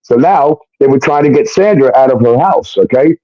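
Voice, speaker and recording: A man telling a personal story in an animated way, often asking "okay?" as he goes. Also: medium pitch, normal speed, no echo, highs cut off. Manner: animated, keeps adding "okay?". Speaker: recording artist telling his story. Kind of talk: casual storytelling monologue.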